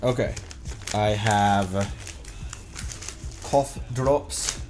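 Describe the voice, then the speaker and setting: A man from Colorado, United States, streams a game at home with soft music behind him, stuffy from a cold. His voice is lowish and darkish, and he speaks extremely slowly. He rambles through casual chat over the gameplay, laughing often and poking fun at himself.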